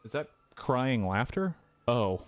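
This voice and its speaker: A young man gives a loose, swearing film recap and slips into quick character voices as he goes. His voice sits at an ordinary middle pitch. The sound is dry and close, with hardly any room around it. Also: sing-song, dry recording. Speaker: streamer retelling a film. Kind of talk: casual comedic movie recap.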